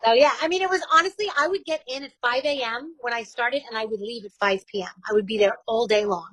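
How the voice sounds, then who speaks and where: A woman in her forties with a New York accent, a radio host telling her story in a casual interview, candid and quick to laugh. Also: fairly high pitch, a bit bright, dry recording, rough recording.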